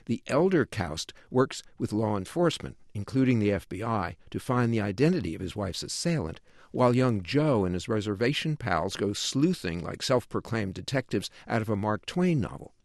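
A man with a lowish voice reads a book review for radio in a measured, even delivery. The studio sound is dry and close, with no room around him. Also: dry recording. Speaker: book critic.

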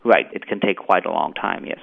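A man with a German accent, an economics professor explaining his research in a measured way over the phone. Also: low-pitched, creaky, slightly rough. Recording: tinny phone line.

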